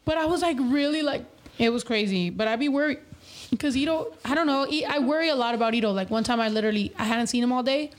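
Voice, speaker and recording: Lively laughing young woman. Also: sits high, fast talker. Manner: laughs often, swears, animated storytelling. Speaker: podcast co-host. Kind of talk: casual chat.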